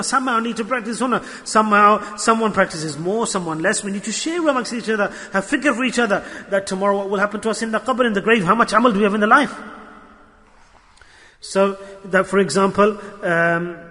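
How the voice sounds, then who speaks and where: A man's voice: high-pitched, bright, forceful tone. Impassioned preacher man in an echoing hall. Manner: impassioned and repetitive, addressing the brothers. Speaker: sheikh giving a religious talk. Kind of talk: sermon. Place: gathering before dhikr.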